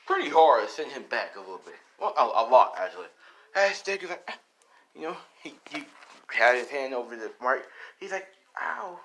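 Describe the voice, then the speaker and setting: A man's voice: medium pitch, sing-song, fairly quick, a bit bright. A young man casually narrating an improvised fan story, rambling, swearing and full of fillers. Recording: noisy home recording.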